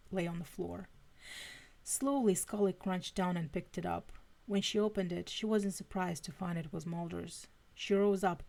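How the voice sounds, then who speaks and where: A woman's voice: on the low side, creaky, a little mellow. A woman reading fanfiction aloud on a live stream, stumbling and restarting now and then. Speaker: fanfiction reader.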